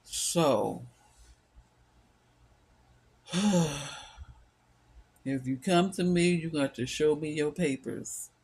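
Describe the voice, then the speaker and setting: A man's voice: a little high, drawn-out words, long pauses, darkish tone, slight background noise. A middle-aged man giving an impassioned solo monologue, weary, emphatic and repetitive as he stresses his points. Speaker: vlogger.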